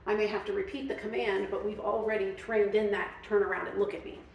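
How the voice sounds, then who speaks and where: A woman's voice: mid-range voice, flat delivery, fast talker, creaky, far from the mic, muffled recording, very noisy. Chatty woman explaining in an echoey room. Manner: chatty, explanatory, many fillers. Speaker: dog trainer. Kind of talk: casual training demonstration.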